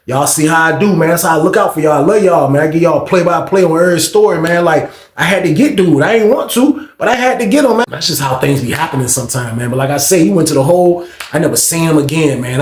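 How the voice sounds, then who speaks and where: A man casually telling stories to his viewers, streetwise and slang-heavy, ending his lines with "man". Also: fairly high pitch. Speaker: storyteller and channel host. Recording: echoey room.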